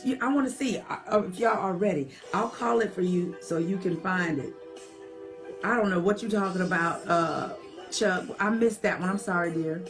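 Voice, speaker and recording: A woman hosting a late-night livestream from home, chatting softly and reading viewer comments aloud. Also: lowish voice, normal speed. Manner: chatty, talks to viewers as y'all, soft half-whispered. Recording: faint music behind the voice. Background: old-school music playing.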